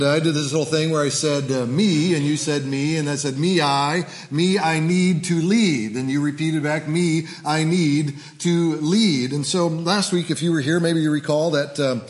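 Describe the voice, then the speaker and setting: A male pastor preaching a sermon in a church, repetitive and leading the congregation in call-and-response, with frequent fillers. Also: fairly high pitch.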